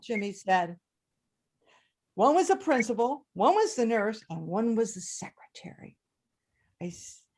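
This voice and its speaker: An older woman performing a story at a live storytelling event, animated and acting out the voices and sounds. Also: mid-range voice.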